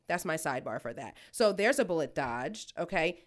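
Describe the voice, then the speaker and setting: A young woman co-hosting a podcast, telling stories in a casual, animated, profane way and acting out quoted lines. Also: low-pitched, moderate pace. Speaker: podcast co-host. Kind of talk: casual storytelling chat.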